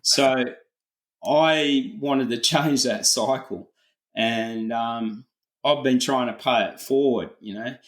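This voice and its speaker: A man's voice: mid-range voice, takes it slowly, fairly bright tone, reverberant, low-quality recording. Middle-aged Australian man spinning a yarn. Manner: laid-back yarn-spinning, broad colloquial slang. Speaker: farmer, podcast guest. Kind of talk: casual storytelling interview.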